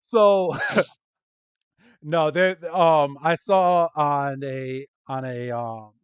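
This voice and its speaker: A podcast host man retells a story in casual chat, slowly, with many ums and frequent giggles. His voice is clear and smooth, a little higher than most men's. The sound is dry and dull, like lo-fi podcast audio. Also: steady tone, no echo.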